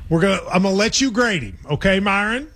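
A man hosts a sports radio segment, ribbing his co-host in playful chat. His voice sits notably high for a man. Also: lively intonation, fast, a bit bright. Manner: teasing, playful. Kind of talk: casual sports talk.

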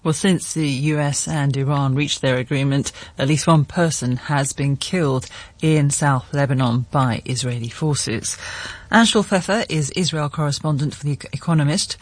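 A male news presenter reads his links in a crisp, scripted manner. His voice sits fairly high and a little husky, recorded close and dry with no room sound. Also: moderate pace, dry recording.

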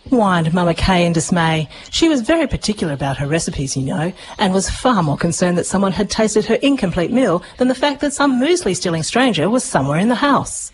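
A woman narrating a children's story with lively expression. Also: mid-range voice, fairly quick, hardly any pauses, a little hiss or hum, rough recording. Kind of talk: storybook reading.

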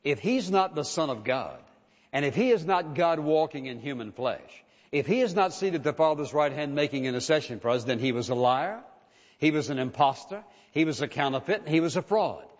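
A man's voice: on the high side, expressive, a little fast. A man preaching a sermon as pastor, emphatic and driving his points home with rhetorical questions and repetition. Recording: dull lo-fi sound with long hall reverb.

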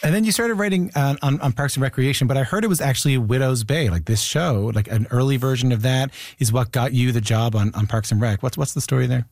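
A man hosting an interview who fires off his questions at a brisk clip. He often restarts his sentences as he goes. His voice sits in a middle pitch and sounds dry and close. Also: darkish tone, no room sound. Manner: quick questions with stumbling restarts. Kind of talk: conversational interview.

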